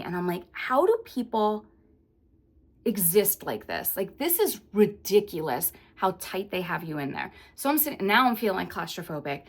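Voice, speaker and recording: A young woman vlogger telling a story in a rambling, animated way, with lots of fillers. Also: mid-range voice. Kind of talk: casual storytime monologue.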